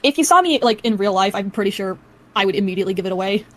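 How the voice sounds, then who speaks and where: A young man on a call, talking quickly and haltingly with nervous restarts. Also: high-pitched, animated, slight background noise. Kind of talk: casual chat on a call.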